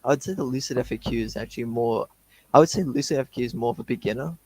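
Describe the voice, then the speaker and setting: A man's voice: mid-range voice, very fast, a little mellow, breathy edge, poor audio. A man from Australia co-hosting a casual live-stream chat, mumbling and often trailing off mid-word before restarting. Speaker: co-host answering viewer questions.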